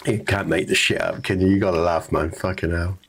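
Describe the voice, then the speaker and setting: A man's voice: deep voice, fairly even intonation, fairly quick, a bit bright, breathy edge. A laid-back man from Scotland hosting a hunting game stream, swearing often and laughing easily. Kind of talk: casual gaming chat.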